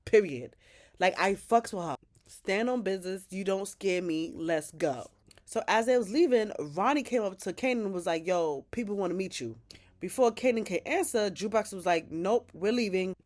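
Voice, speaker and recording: A woman's voice: medium pitch, moderate pace, a little mellow. A woman giving a casual, chatty episode recap, retelling scenes with quoted dialogue, slang and opinionated asides. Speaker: TV recap host.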